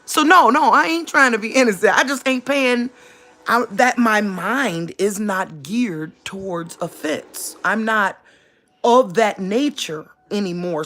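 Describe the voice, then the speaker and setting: A woman, talking casually and animatedly on a live stream, laughing often and rising into high outbursts. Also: a bit bright. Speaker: livestream host.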